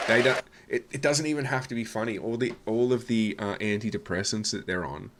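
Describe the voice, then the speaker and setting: Give me a scornful Australian man with a lower voice doing sarcastic reaction commentary. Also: fairly bright tone. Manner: scornful, blunt, swearing. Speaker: reaction video host.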